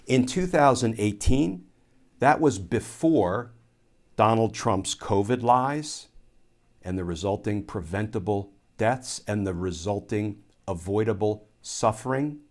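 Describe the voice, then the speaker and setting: A man from the United States with a fairly low voice talks straight to the camera as a legal commentator. He lays out his points deliberately, circling back to rephrase key ideas for emphasis. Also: lively intonation, a little mellow. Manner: measured and explanatory, restating phrases for emphasis. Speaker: former Army lawyer turned legal commentator. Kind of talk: solo commentary video.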